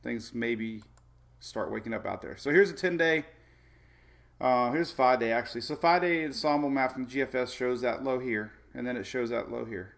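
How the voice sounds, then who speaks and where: Male weather host, gravelly voice, mid pitch, loose rambling delivery. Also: normal speed. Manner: rambling, chatty, laughs often, many fillers. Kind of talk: casual live weather talk.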